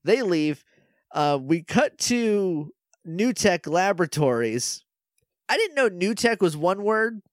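A man co-hosts a podcast, chatting casually as he recaps an episode. His pitch swings widely while he acts out the characters' lines in playful voices, and the recording sounds close and dry. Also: very animated, takes it slowly, dry recording. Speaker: podcast co-host. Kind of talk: casual chat recapping a show.

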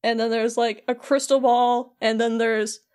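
A woman with a fairly high voice co-hosts a casual podcast. She retells a game's story in a lively way, often laughing between lines. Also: unhurried, clear, resonant tone. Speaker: podcast co-host. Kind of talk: casual chat retelling a video game story.

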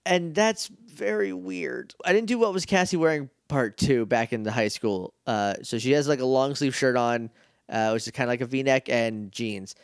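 A man co-hosting a podcast, retelling an episode in casual chat and jumping into quick voices for the characters. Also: mid-range voice, creaky, smooth, dry recording, studio quality. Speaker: podcast co-host.

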